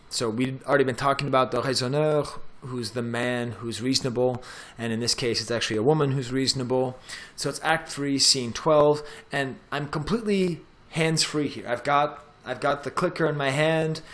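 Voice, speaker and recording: A man's voice: mid-range voice, moderate pace, few pauses, fairly bright tone. Chatty man demoing slides. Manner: casual, chatty, talks while clicking through steps. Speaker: professor. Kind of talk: screen-recorded tech tutorial.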